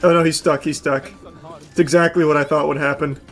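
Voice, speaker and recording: A man giving let's-play commentary, yelling and swearing at the game, with dry low asides between outbursts. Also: level tone, fairly quick, soft background music. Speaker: gaming video host.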